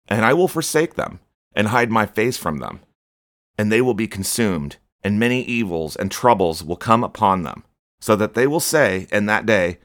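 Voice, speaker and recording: A man's voice: on the low side, fairly bright tone, no room sound, clean studio sound. A man preaching a stern, scolding sermon on his podcast, rebuking his listeners.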